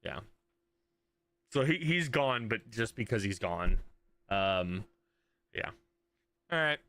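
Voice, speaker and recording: A man's voice: medium pitch, fairly bright tone, clear, resonant tone. A man streaming live, ranting at his viewers after a soccer match in an exasperated, profane way, and trailing off in mutters between points. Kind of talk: live stream reaction rant.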